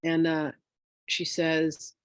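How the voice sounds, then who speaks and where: A woman's voice: low voice, completely flat delivery, very slow, clean tone, no echo. Chatty woman teacher, dry close sound. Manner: candid, chatty, with many "you know" asides. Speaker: spiritual teacher and reader. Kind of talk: conversational teaching with personal story.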